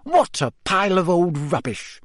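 A clever, bossy schoolgirl witch, voiced by a male narrator, talks in brisk, snappish bursts. Her voice sits somewhat above his usual range. The recording is close and dry. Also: a little high, very animated, no room sound, voice pushed up. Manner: brisk, sharp and quick to snap.

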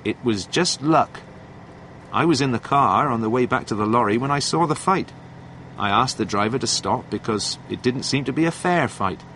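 A man reading a storybook aloud and voicing a calm young lorry driver in a slightly raised, measured voice. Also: mid-range voice, a little hiss or hum.

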